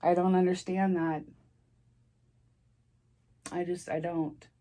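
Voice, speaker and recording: Low-voiced tearful woman rambling. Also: flat delivery, mellow. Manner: rambling, halting, emotional, restarts often. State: tearful, near crying. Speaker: vlogger. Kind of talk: casual storytime vlog.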